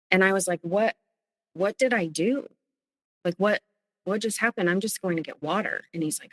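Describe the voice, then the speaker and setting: A woman on a podcast, telling her own story in an earnest, halting way, often restarting her sentences. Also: medium pitch, no room sound, in a large hall, poor audio. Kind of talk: personal storytelling.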